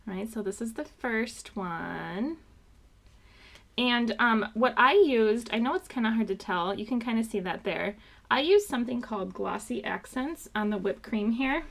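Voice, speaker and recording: A woman's voice: on the high side, expressive, moderate pace, gravelly, fairly bright tone. A woman hosting a live card-making class, chatting casually and showing each sample card. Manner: chatty, upbeat, loose with fillers. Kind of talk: live craft class walkthrough.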